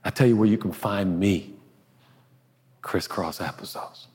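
A pastor preaching a sermon in an earnest, conversational way, now and then dropping to a hush. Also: male voice, lowish voice, brisk, breathy edge, long reverb tail. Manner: earnest, conversational preaching with sudden hushed asides. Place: large auditorium.

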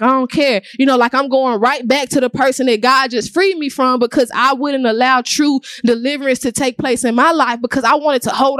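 High-voiced woman telling her testimony. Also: dry recording, studio quality. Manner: animated storytelling, acts out quoted voices. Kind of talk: testimony about faith.

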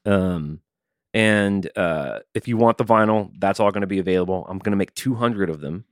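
A man's voice: deep voice, normal speed, dry recording, clean studio sound. A man co-hosting a podcast in casual chat, reading listener emails and joking around animatedly. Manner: animated, puts on silly voices for jokes. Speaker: podcast co-host.

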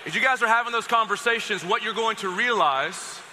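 Bright-voiced male pastor, joking sermon. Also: high voice, a little fast, slight background noise. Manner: conversational, joking and direct with the congregation. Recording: long reverb of a large hall.

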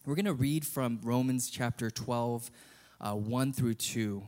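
Male pastor, conversational sermon delivery, mid-range pitch. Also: unhurried, darkish tone. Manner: earnest, conversational preaching.

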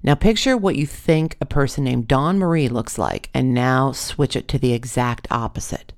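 Wry storyteller, gravelly voice, mid pitch, dry humorous asides, first-person story. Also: moderate pace.

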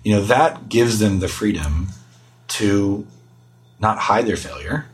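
Low-voiced earnest middle-aged man. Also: animated, takes it slowly, rough recording. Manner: earnest, self-deprecating, laughs at himself. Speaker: guest speaker and parent. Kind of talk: earnest conversational interview answers.

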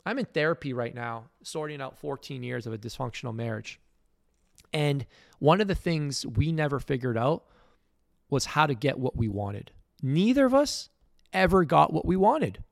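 A man's voice: mid-range voice, lively intonation, moderate pace, gravelly, no echo, clean studio sound. A middle-aged man hosting a podcast, giving a blunt, emphatic motivational monologue. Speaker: podcast host.

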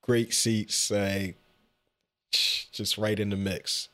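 A man with a fairly low voice chatting casually with a friend. He is loose and slangy, swears freely, and laughs often, talking easily about games he has been to. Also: little pitch movement, very slow, bright, forceful tone. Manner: laid-back, laughs often, slangy and profane. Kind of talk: casual chat.

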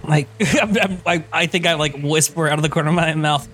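Male player, casual tabletop play, hesitant, giggly, slightly high, faint ambience. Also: a little fast, fairly bright tone, a little hiss or hum.

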